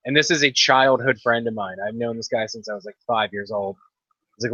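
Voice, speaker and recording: A man's voice: medium pitch, steady tone, a little fast, pushed and bright, dry recording. A man on a casual podcast, telling a long story in a laid-back way with dry asides. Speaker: podcast co-host. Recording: dull lo-fi dry podcast audio.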